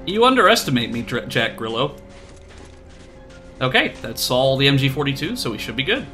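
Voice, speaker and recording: A man's voice: mid-range voice, very animated, moderate pace, bright, forceful tone, faint music behind. A man streaming a video game, chatting casually in a rambling, self-deprecating way with lots of fillers. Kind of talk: casual chat while playing.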